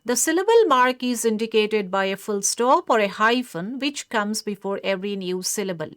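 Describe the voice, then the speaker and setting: A woman delivers a scripted pronunciation lecture in a measured, explanatory way. Her voice is smooth and crisp, recorded close with a dry sound and no room echo. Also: mid-range voice, expressive, fairly bright tone.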